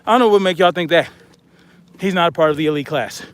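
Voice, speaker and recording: A man's voice: fairly high pitch, quick pace. A man talking bluntly to his viewers while hiking uphill with a pack, out of breath, calling them y'all. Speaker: vlogger. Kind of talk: casual monologue while hiking. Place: outdoors on a hiking trail.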